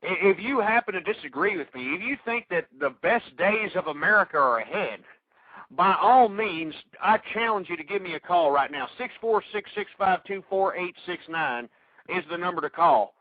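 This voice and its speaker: A man's voice: high-pitched, lively intonation, moderate pace, dry recording. Ranting man on tinny talk radio. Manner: ranting, insulting, stammering restarts. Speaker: radio talk show host. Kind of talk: angry political talk radio rant. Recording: tinny phone-like radio audio.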